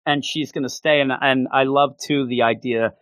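Man, casual podcast chat, animated storyteller, dry close sound. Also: medium pitch, normal speed, no room sound. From North America. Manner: animated storyteller, acts out characters' lines. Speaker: podcast co-host. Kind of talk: casual chat recapping a comic.

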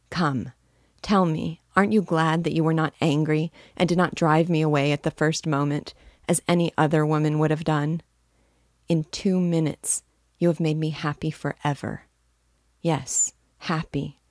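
A woman narrating a literary audiobook in a soft, reflective, unhurried manner. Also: deep voice, no echo, clean studio sound.

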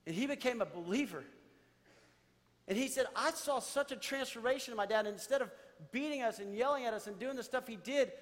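A man's voice: very high-pitched, fairly quick. A man, a pastor preaching a sermon and telling stories to his church. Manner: storytelling, animated, addresses church directly. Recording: reverberant church hall.

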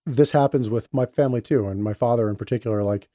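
A man's voice: medium pitch, fast talker, dark tone, no echo, studio quality. A male interview host responding to his guest and relating her story to his own family. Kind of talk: interview conversation.

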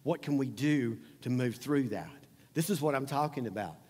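A man's voice: medium pitch, lively intonation, moderate pace, darkish tone, slightly rough. A man preaching a sermon as pastor, talking in a conversational, emphatic way and repeating phrases. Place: church sanctuary. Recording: long hall reverb.

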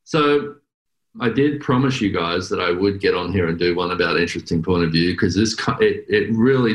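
An Australian man hosting a podcast, chatting casually and animatedly, often acting out little quotes. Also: deep voice. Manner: animated, laughing, acts out quotes. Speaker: podcast host. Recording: roomy echo.

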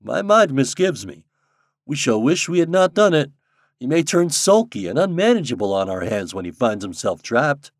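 A man voicing a tall, serious gentleman who frets and speaks with measured care. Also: mid-range voice, big pitch swings, dry recording, studio quality, voice pushed up. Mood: uneasy. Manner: anxious, measured. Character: tall grave gentleman, worried and scrupulous.

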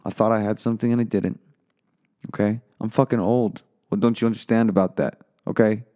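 A man's voice: lowish voice, fairly even intonation, normal speed, darkish tone, no room sound, clean studio sound. A man giving a profane comedic rant, weary and bitter, flaring into angry outbursts.

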